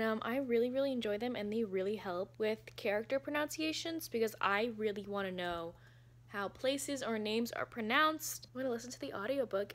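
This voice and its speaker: Young woman, giddy book vlogger, bright and slightly high-pitched, chatting to camera at home. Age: young adult. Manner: giddy, gushing, talks with laughs and repeats. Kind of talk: casual vlog chat. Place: apartment room, indoors.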